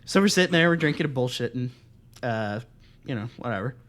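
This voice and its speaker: A young man co-hosting a podcast, telling a story in casual, profane chat and acting out the other voices loudly. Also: mid-range voice, fairly quick. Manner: animated, profane, acts out quoted voices loudly. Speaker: podcast co-host.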